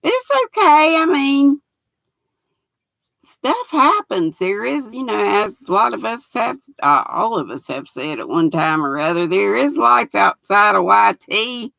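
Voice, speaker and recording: A woman's voice: medium pitch, very animated, unhurried, gravelly, fairly bright tone, dry recording, low-quality recording. An older woman, hosting a livestream in a folksy, chatty way, reading out comments from her viewers. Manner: folksy, chatty, laughs often. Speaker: livestream host.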